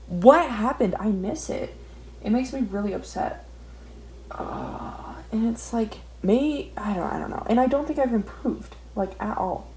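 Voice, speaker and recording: While drawing, a young woman art vlogger rants casually, rambling, swearing a lot, and putting herself down. Her voice is a little high, animated, and warm at a normal speed, with faint background noise.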